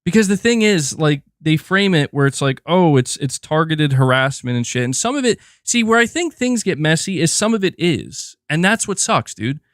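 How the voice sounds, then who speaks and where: A man hosting a casual gaming livestream, ranting in a loose, animated way with lots of filler words and free swearing. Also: sits high, normal speed, few pauses, dry recording, studio quality. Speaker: gaming podcast host.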